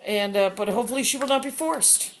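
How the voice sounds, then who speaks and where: A woman's voice: fairly high pitch, quick pace, a little hiss or hum. A woman comedian in her fifties chatting casually from home, rambling and self-deprecating with many filler words. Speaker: comedian guest. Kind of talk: casual chat.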